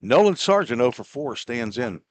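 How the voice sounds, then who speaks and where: A man doing relaxed, chatty play-by-play commentary on a baseball game, with easygoing asides between pitches. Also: moderate pace, no room sound. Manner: relaxed, chatty, laughs at own slips. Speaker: play-by-play announcer.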